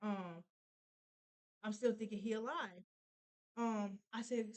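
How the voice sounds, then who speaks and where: A young woman telling a painful personal story, halting with many fillers and restarts. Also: mid-range voice, a little mellow, rough recording. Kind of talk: casual storytelling.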